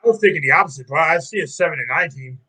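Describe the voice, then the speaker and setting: Racing along in a husky yet bright, forceful, slightly high voice, this sports talk show co-host covers trades and the schedule point by point. His delivery remains steady and matter-of-fact despite the poor audio.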